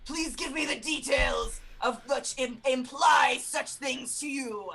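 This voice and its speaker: A woman voicing a stiff, loud and overly formal female investigator in a tabletop game. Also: sits high, takes it slowly, gravelly, husky, exaggerated voice. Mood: stern shouting. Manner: shouted, overly formal, pompous questioning.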